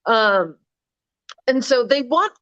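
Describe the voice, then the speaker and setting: A woman's voice: fairly high pitch, lively intonation, slow, fairly bright tone, no echo, lo-fi sound. A woman co-hosting a casual political chat, sarcastic and prone to trailing off and restarting sentences. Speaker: political blog writer and co-host.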